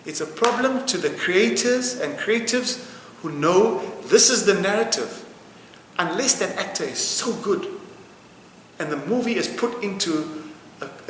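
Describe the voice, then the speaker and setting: A man on the high side, his tone a bit bright and touched by slight hiss or hum, delivers a fervent interview answer. He presses his point with emphasis and repetition. The setting is a reverberant hall with faint music.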